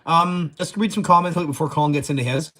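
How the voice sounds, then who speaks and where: A man's voice: a little high, fairly even intonation, fast, a bit bright. Joking man hosting a livestream. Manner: joking, crude, laughs often. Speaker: livestream host. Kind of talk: casual livestream chat.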